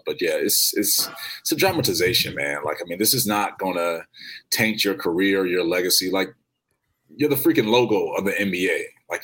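A man's voice: deep voice, a bit bright, poor audio. A man from Chicago, co-hosting a podcast in casual sports chat, loose and rambling with lots of fillers. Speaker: podcast co-host.

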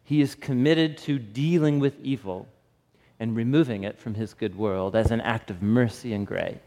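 A man's voice: medium pitch, normal speed, a little mellow. A man in his thirties preaching a sermon, telling a family story with laughs and frequent asides to the congregation. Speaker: pastor. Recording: reverberant hall.

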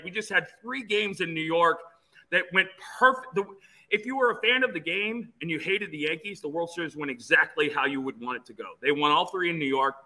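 A man in his fifties from Phoenix, a guest telling stories in an animated way with many restarts. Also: fairly high pitch, low-quality recording. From Phoenix, USA. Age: 50s. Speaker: interview guest, former player. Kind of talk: storytelling in an interview.

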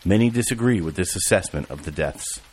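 A man narrating an audiobook in an even, measured reading style. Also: low-pitched, slightly rough. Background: music and rain.

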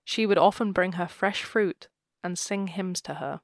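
Unhurried and fairly low-pitched, a woman co-hosts a podcast and retells a ghost story in a casual chat full of laughter. The studio sound is clean, with no room sound.

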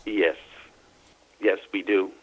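Husky-voiced man telling his story haltingly. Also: low voice, steady tone, narrow, tinny audio. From Louisiana, US. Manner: halting, repeats and restarts words. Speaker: interview guest. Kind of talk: recounting personal experiences.

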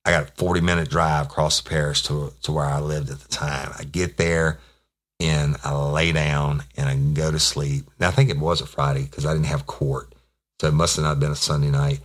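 A man's voice: very deep voice, a bit bright. A middle-aged man, casually telling a rambling, profane police story as podcast host.

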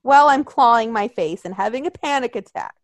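A woman's voice: fairly high pitch, expressive, brisk, no room sound. A young woman telling a story in casual chat, swearing often and acting out quotes in voices.

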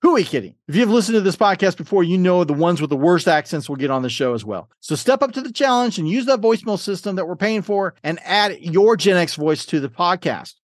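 A man's voice: sits high, expressive, quick pace, hardly any pauses, no echo, studio quality. A man hosting a trivia game podcast, reading questions and fun facts with playful, jokey asides. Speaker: podcast host and quizmaster.

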